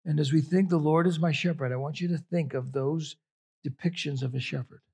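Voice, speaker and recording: A man's voice: on the high side, a little fast, darkish tone, husky. A man preaching a sermon as a pastor, conversational and emphatic, drawing out key phrases.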